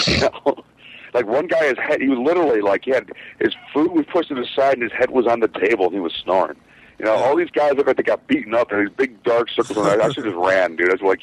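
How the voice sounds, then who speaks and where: A man's voice: medium pitch, animated, fast talker, poor audio. A man who drives trucks, telling a rambling, profane story in casual podcast chat, with lots of fillers. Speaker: truck driver, show regular.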